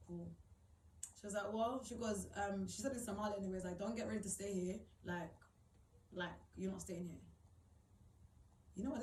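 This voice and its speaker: A woman's voice: mid-range voice, recorded from a distance, slight background noise. A young woman tells a hard personal story straight to the camera and acts out the people in it, and she sounds close to tears. She stands back from the microphone in an echoey room with faint ambience behind her. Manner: animated, acts out quoted people, many fillers. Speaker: vlogger.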